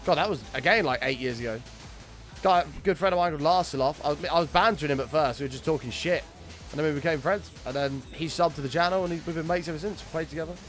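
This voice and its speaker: A young man chats to his stream while he plays, telling rambling, sweary anecdotes and greeting viewers by name. His voice sits a little higher than most men's. Soft music plays quietly under his talk. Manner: chatty storytelling, sweary, quick to greet viewers. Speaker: game streamer. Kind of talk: casual chat with live chat while gaming.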